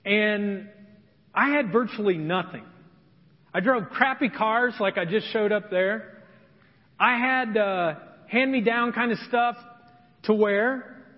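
A male pastor delivers a sermon in an earnest, personal storytelling manner. His voice sits high for a man. It rings with long reverb in a church hall and sounds slightly muffled. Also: takes it slowly, long pauses. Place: church sanctuary.

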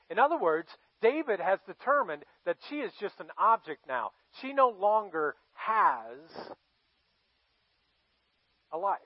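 A high-voiced male pastor delivers a sermon as casual storytelling. He pauses for effect and puts questions to his listeners. The recording is dry and slightly dull. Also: no room sound. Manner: conversational storytelling, dramatic pauses, asks the audience questions.

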